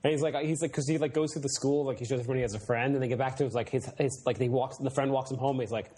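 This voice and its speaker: A man's voice: mid-range voice, steady tone, very fast, warm tone, breathy edge. A man co-hosting a podcast, chatting casually and rambling with lots of fillers. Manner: rambling, many fillers, acts out silly voices when retelling scenes. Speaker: podcast co-host. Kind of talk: casual chat.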